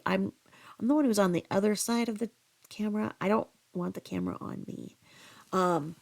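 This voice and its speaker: A woman's voice: medium pitch, moderate pace, gravelly. A woman hosting a commentary channel, ranting bluntly and profanely about another online creator. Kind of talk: angry commentary.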